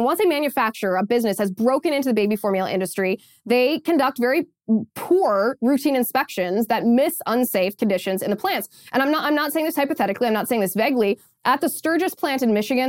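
A woman's voice: a little high, no echo. Woman podcast host, pointed and sarcastic, dry studio sound. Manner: emphatic, sarcastic, repeats phrases. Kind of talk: opinion commentary.

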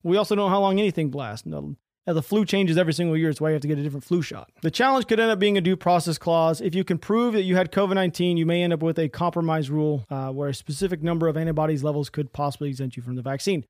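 Fast-talking, heated male podcast host. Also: a little high, darkish tone, no echo, clean studio sound. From United States. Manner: blunt, heated, profane, rambling with restarts. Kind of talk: solo political commentary podcast.

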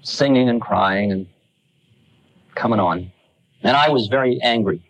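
A man's voice: on the low side, unhurried, rough recording. A man telling a personal story in a conversational, self-mocking way, with restarts and asides. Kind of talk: storytelling talk.

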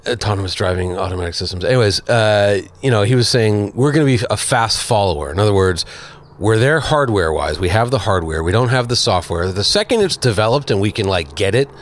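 A man's voice: lowish voice, expressive, a little fast. A man co-hosting a car radio show, talking casually in a rambling way with many fillers. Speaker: co-host, car journalist.

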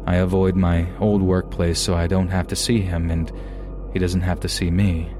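A man narrating submitted true scary stories in a calm, measured storytelling manner. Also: low voice, music in the background. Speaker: podcast narrator.

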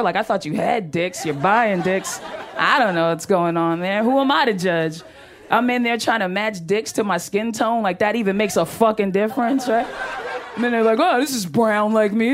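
A brash woman doing stand-up, swearing freely and talking to the room as if chatting with friends. Her voice sits at a middling pitch. A faint hiss of noise lies under it. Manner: brash, profane, conversational punchlines. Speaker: stand-up comedian. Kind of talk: stand-up comedy set.

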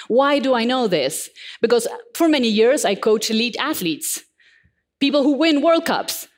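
A woman in her forties giving a motivational keynote talk, telling stories and putting questions to the audience with emphasis. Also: fairly high pitch. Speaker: motivational speaker.

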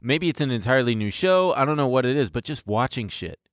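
A man's voice: mid-range voice, expressive, fast, no echo, clean studio sound. A man co-hosting a podcast in loose, profane, joking banter. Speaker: podcast co-host. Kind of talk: casual chat.

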